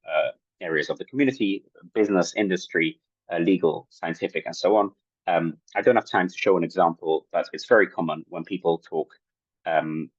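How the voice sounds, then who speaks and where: A man giving an academic talk at an online workshop, halting and full of fillers, on video-call audio. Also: sits low, breathy edge, dry recording, lo-fi sound. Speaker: workshop presenter.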